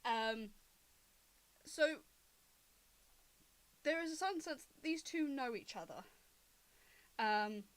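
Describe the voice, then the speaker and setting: A woman narrating as game master of a tabletop game, lively and laughing, with frequent ums. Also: sits high, slow, long pauses.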